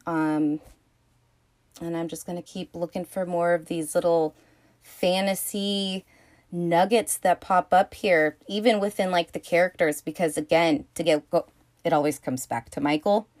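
A woman hosting a podcast, talking through a film in a rambling, casual monologue full of fillers and restarts, swearing freely and breaking into excited outbursts. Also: on the low side, a little slow. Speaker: podcast host.

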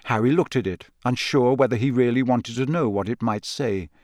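A man reading a novel aloud as narrator, in a measured, even storytelling way, close to the mic. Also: medium pitch, no echo. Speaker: audiobook narrator. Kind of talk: scripted narration.

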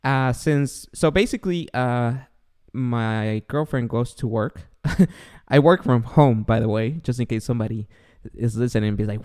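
A man's voice: medium pitch, moderate pace, a little mellow. A man hosting a podcast, asking curious questions and joking loosely, with the odd swear word. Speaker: podcast host. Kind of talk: casual podcast chat.

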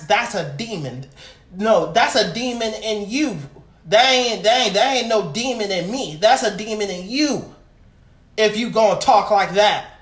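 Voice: medium pitch, reverberant. A preacher delivering an impassioned sermon, calling out to the congregation.

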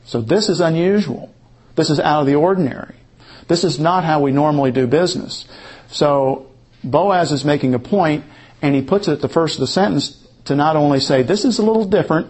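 A man teaching verse by verse through a Bible passage, explaining a drawing as he goes, with frequent restarts and fillers. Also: on the high side.

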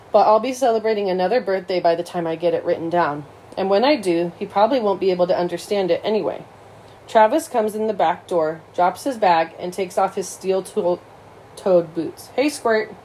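A woman's voice: mid-range voice, dark tone, a little hiss or hum, rough recording. A woman reading a first-person story in a plain, reflective way. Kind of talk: first-person audiobook narration.

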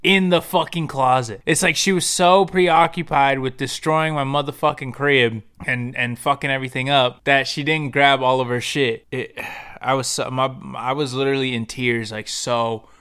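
A man's voice: mid-range voice, steady tone, moderate pace, sharp tone, clear, resonant tone. A young adult man hosting a podcast, telling a personal story in a profane, slangy, rambling way, with many restarts. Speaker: podcast host. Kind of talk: casual personal storytelling monologue.

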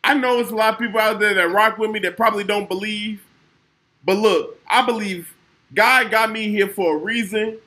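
A man's voice: high voice, fairly even intonation, moderate pace, sharp tone. A man from co-hosting a podcast, tearful and rambling as he thanks people, casual and profane. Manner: emotional, rambling thank-yous, swearing. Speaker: podcast co-host. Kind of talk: casual chat.

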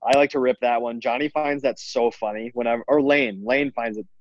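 A teenage student chatting casually with friends on a call, rambling with many restarts. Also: male voice, mid-range voice, steady tone, brisk, no echo, dull audio.

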